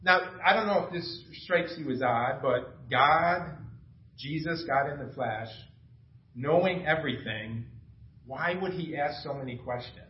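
A man's voice: fairly high pitch, measured pace, a little hiss or hum. A middle-aged man preaching an informal, conversational sermon, self-deprecating and asking the room questions. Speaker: pastor. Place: small church room. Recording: echoey room from far off, dull sound.

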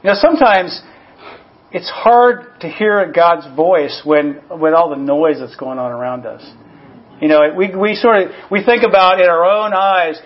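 A man's voice: high voice, normal speed. A man, a pastor, preaching a conversational sermon with personal asides and frequent "you know" fillers. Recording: dull lo-fi recording.

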